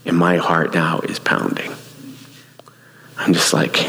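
A man preaching a sermon, telling a personal story in an animated way, laughing and restarting his sentences. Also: sits low, takes it slowly, creaky, long pauses. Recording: long hall reverb.

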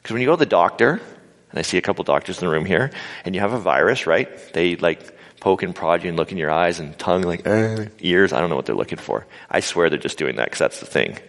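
A man with a deep, slightly bright voice and vocal fry preaches at a quick pace. His sermon to a live audience is conversational, with quotes acted out and humorous asides, recorded live in a large, reverberant hall.

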